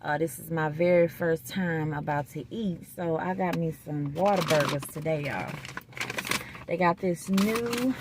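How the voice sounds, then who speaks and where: Slow-talking woman, chatty vlogger. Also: low voice, heavy background noise. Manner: chatty, folksy, talks straight to viewers. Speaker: food vlogger. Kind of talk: casual vlog chat while eating. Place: parked car in a restaurant parking lot.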